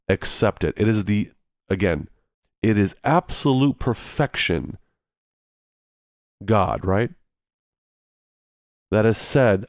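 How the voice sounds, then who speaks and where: A man preaching with a fairly low voice, urging and pleading with his listeners and repeating lines to drive them home. The sound is dry and close, with no room around it. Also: darkish tone, no echo. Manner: earnest, pleading, repeats phrases for emphasis. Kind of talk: sermon.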